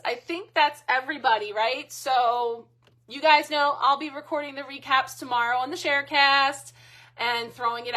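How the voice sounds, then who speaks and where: A bright, fairly high-pitched woman hosts a live card-reading stream. She chats casually with her viewers and laughs often at her own asides. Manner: chatty and laughing, self-mocking asides.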